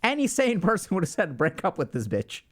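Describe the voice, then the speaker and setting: A man in his thirties talks straight to his livestream chat, handing out blunt life advice. His voice sits a bit high for a man and leaps up and down with lots of lively movement, and he is emphatic and casually profane. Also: brisk. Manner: emphatic, animated, swears casually.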